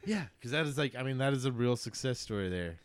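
A man's voice: medium pitch, expressive, quick pace, crowd noise. A man co-hosting a podcast, chatting casually and rambling with many fillers. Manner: rambling, lots of "like" fillers, laughing often. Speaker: podcast co-host. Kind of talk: casual joking chat.

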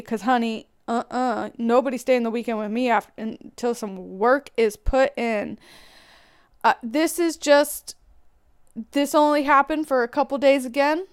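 A woman with a high-pitched voice delivers a blunt, profanity-heavy rant straight to her listeners. Her tone is smooth and clear, and she speaks in a raw, confessional way. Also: measured pace. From Irish heritage. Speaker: podcast host.

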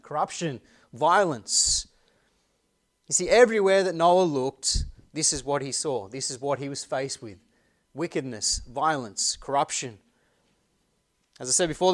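Earnest male pastor preaching a sermon. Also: fairly high pitch. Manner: earnest preaching, asks the congregation rhetorical questions; reads scripture aloud slowly and deliberately.

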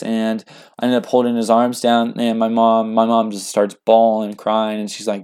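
Young man, lowish voice, earnest, halting, filler-heavy, casual storytelling. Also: monotone, a little mellow, smooth. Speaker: guest.

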